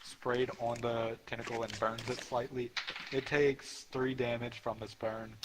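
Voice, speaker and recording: A man narrates a tabletop game as its dungeon master, stopping and restarting often with fillers. His voice sits at an ordinary pitch. A noisy mic with clicks runs under him. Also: little pitch movement. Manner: loose, halting narration with many fillers.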